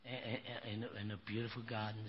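A man's voice: on the low side, flat delivery, moderate pace. An older man preaching a sermon, telling stories in a folksy, emphatic way and often saying "you know.". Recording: dull lo-fi recording with faint noise.

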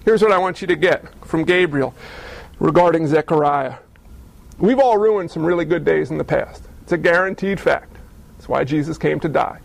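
A man's voice: a little high, moderate pace, creaky, rough recording. A male pastor preaching a sermon in a conversational storytelling way, full of rhetorical questions.

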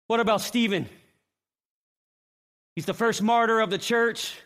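A middle-aged man preaching a sermon, telling stories dramatically, acting out voices and shouting at the peaks. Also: high-pitched, measured pace, pauses often. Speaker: pastor.

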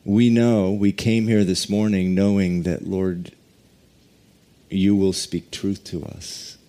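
Male pastor, sermon delivery, low mellow voice, unhurried. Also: little pitch movement. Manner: slow, deliberate preaching with drawn-out emphasis and quiet prayer.

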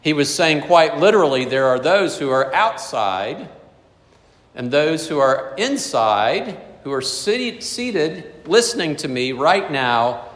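A male pastor delivers a sermon in a church sanctuary, his voice trailing off in a long hall reverb. His pitch sits in the middle for a man. He moves between measured scripture reading and relaxed, chatty explanation. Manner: reads scripture aloud, then explains it conversationally.

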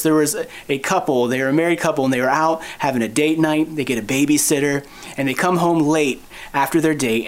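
A male pastor giving a sermon for an online church, relaxed and conversational, mixing in dad jokes. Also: fairly high pitch. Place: recorded for online church at home.

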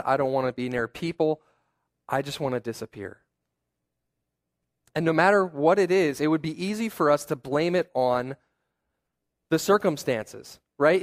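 A young adult man giving a sermon as a pastor, talking in a conversational, self-deprecating way with personal stories and asides. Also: fairly high pitch.

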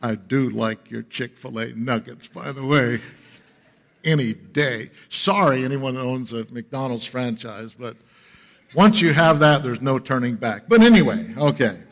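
A man's voice: mid-range voice, a little slow, creaky. A man preaching a sermon to his congregation, earnest and rising in intensity, often asking the crowd questions and waiting for answers. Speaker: pastor. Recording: long reverb of a large hall.

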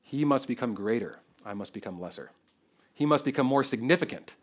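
Animated conversational male preacher. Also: medium pitch, brisk. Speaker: pastor. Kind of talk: expository sermon.

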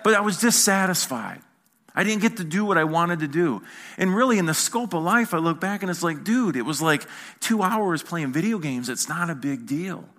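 Middle-aged male pastor, bright forceful tone, slightly high pitch, animated sermon storytelling. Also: normal speed. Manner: animated storytelling with playful asides to the congregation. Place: church sanctuary.

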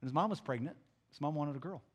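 Pastor guy telling a story in his sermon, kinda high voice, gets loud then quiet. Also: fast, breathy edge, big-room sound. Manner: animated, swings between loud and hushed.

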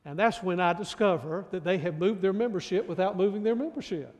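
A male pastor delivers a sermon in an emphatic preaching manner. His voice sits high, and he often restarts and repeats words as he presses a point. A long reverb trails every phrase. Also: a little fast, a little mellow.

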